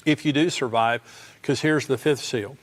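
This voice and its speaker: Older man, pastor, sermon, reads scripture then explains it casually, mid-pitched voice. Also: steady tone, normal speed. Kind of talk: sermon teaching on prophecy.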